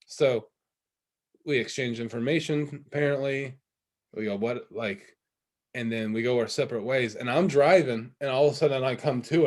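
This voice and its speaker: A young man in the middle of a casual podcast chat, telling a story at his own easy pace. He talks at an ordinary pitch, circles back often and fills the gaps with "you know" and "um.". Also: a little mellow. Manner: rambling storytelling with many fillers and restarts. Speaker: podcast co-host.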